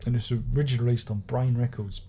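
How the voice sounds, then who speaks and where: A man's voice: mid-range voice, fairly even intonation, racing, mellow, a little hiss or hum. A man giving a rambling, sardonic album review, swearing and restarting his sentences as he goes. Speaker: music reviewer. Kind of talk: casual spoken album review.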